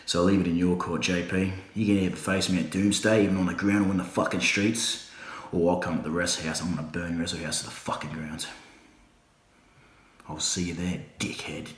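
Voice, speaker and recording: Brief: deep-voiced man, angry cursing wrestling promo, echoey room. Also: fairly even intonation, fairly quick. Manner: swearing, threatening, heated. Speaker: backyard wrestling promo talker.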